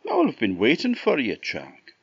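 A man's voice: medium pitch, huge pitch swings, moderate pace, gravelly, husky, no echo, dull audio, pitched above the performer's own voice, full character voice. A man with an Orkney Scottish accent voicing a small, sarcastic male robin in a storybook tale, with a chirpy, teasing manner. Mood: knowing.

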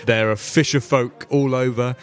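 A man's voice: mid-range voice, fairly even intonation, normal speed, faint music behind. A man narrating as game master, chatty and laughing between lines.

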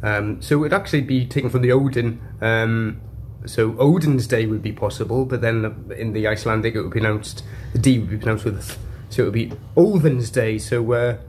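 A man's voice: fairly low pitch, steady tone, brisk, slight background noise. Hesitant man leaving a voice note. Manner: hesitant, full of ums, musing. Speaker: listener sending a voice note. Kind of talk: casual voice message.

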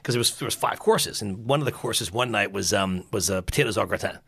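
A man, a burger expert and podcast guest, chatting casually and telling animated stories, acting out quotes and laughing often. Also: fairly low pitch, quick pace, creaky, breathy edge. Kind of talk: casual interview chat.

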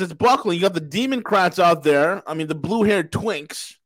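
Host: adult man, higher-pitched voice, dry booth sound, brash and profane rambler. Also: expressive, normal speed, a bit bright, dry recording. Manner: boisterous, profane, rambling banter. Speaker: podcast host. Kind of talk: casual political talk show.

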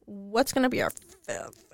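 A woman's voice: a little high, bright, forceful tone, no echo. A young woman co-hosting a podcast in casual chat, giggling often and swearing offhandedly. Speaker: podcast co-host.

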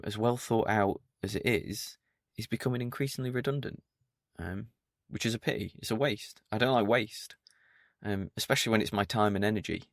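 A man hosts a solo podcast in a dry, pedantic, mock-stern manner. His voice sits low with a gravelly fry. The recording is close and dry, with no room sound. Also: no room sound. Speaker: podcast host.

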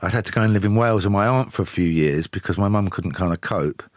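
A man, telling lively anecdotes with chuckles as a studio guest. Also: deep voice, fast talker, dry recording. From England. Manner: lively, chuckling storyteller with frequent "you know". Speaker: musician, guest. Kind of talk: casual chat, anecdotal storytelling.

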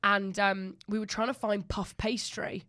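A woman's voice: mid-range voice, level tone, measured pace, pushed and bright, no echo, studio quality. A young woman co-hosting a podcast, telling stories chattily and swearing casually. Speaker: podcast co-host. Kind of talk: casual chat.

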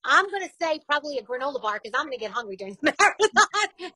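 A woman's voice: sits high, big pitch swings, fast, sharp tone, no echo, poor audio. A woman in her forties with a New York accent, a radio host talking candidly and chattily in an interview, laughing easily. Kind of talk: casual interview chat.

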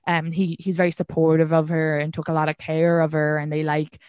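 A woman's voice: sits low, level tone, a little fast, darkish tone, smooth, no echo, dull audio. A young woman with an Irish accent hosting a podcast, chatting casually with a lot of "like". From Ireland. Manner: chatty, lots of filler "like". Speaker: podcast host.

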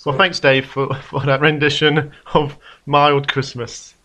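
Bright, playful man co-hosting a chat. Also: on the high side, flat delivery, soft background music. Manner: playful, quick to laugh. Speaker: podcast co-host. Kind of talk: casual chat.

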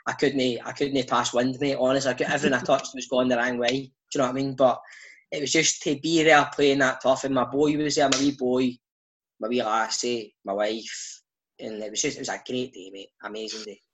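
A Scottish man chatting as a guest on a talk show, telling animated anecdotes peppered with "mate" and local slang. His voice sits at an ordinary male pitch, and his talk is loose, casual and storytelling. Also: fairly quick, a little hiss or hum, low-quality recording. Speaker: father.

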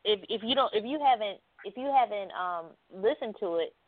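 A woman co-host in casual panel talk, hesitant and stumbling, with soft laughs. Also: mid-range voice, lively intonation, a little fast, a crowd in the background. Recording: dry phone-like audio.

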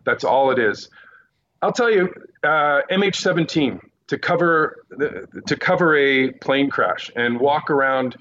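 A man who is a seasoned news correspondent tells lively field stories in a relaxed podcast chat, full of quick asides. His voice arrives over a slightly dull, muffled line. A faint hiss sits under it. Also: mid-range voice. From Quebec Eastern Townships, Canada. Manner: animated anecdotes, quick asides. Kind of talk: casual podcast interview storytelling.

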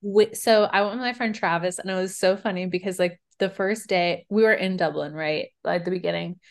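A woman's voice: lowish voice, a little fast, gravelly. A young woman with a slight Southern accent, co-hosting a podcast in casual, bubbly chat and laughing often. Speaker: podcast co-host.

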